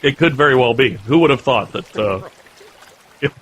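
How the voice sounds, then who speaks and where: A man in easy, casual podcast chat, spinning a rambling anecdote full of asides. His voice sits at an ordinary pitch. Faint background noise is heard. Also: normal speed. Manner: animated storyteller, chatty with fillers. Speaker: podcast co-host.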